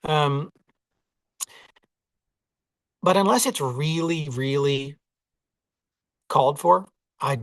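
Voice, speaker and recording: A man with a Southern US accent talks in a relaxed, reflective way, hedging and laughing at himself. The sound is dry and close, with no room behind him. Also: on the high side, slow, no room sound. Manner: reflective, self-deprecating, many "like" and "you know". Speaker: audiobook narrator, interview guest. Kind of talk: casual interview conversation.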